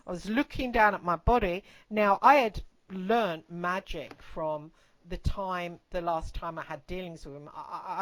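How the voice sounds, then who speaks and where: A woman podcast host talks through a personal story in loose, conversational fashion. She is blunt and swears freely, wanders into asides, and lowers into a hushed, intense delivery for the unsettling moments. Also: rough recording.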